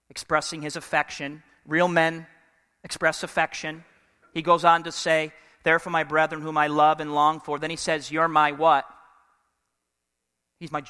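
High, bright-voiced preacher in a reverberant hall. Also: male voice. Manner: energetic, call-and-response with congregation. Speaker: pastor. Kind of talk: sermon. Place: church sanctuary.

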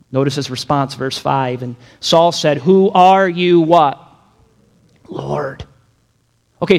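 Male pastor, higher-pitched voice, dynamic emphatic sermon delivery, long hall reverb. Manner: dynamic preaching, acts out quotes, builds to emphatic peaks.

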